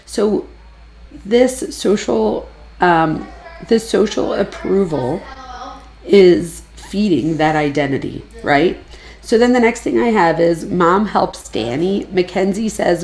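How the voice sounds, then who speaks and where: A woman's voice: lowish voice, animated, unhurried, darkish tone. A woman giving casual, analytical true crime commentary, chatting freely and lifting her voice when she quotes people.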